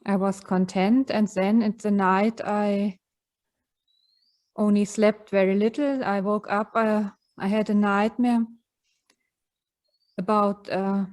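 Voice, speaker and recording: A woman with a German accent, a retreat participant sharing softly and hesitantly with many fillers. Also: mid-range voice, level tone, slow, pauses often. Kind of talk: sharing in a group session.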